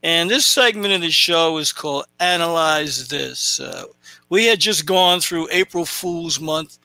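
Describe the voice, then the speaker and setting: High-voiced gravelly podcast host dude, bright edgy tone, jokey and loose, dry close sound. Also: male voice, animated, a little slow, no room sound. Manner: joking, loose, self-mocking banter. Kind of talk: casual podcast chat.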